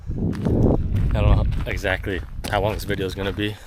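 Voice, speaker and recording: A US travel vlogger strolls a rural back road filming himself on a handheld phone, talking at normal speed in a deep, low voice with little pitch movement. His chatter is rambling and self-deprecating, packed with fillers, over clear outdoor sounds and footsteps on gravel and leaves.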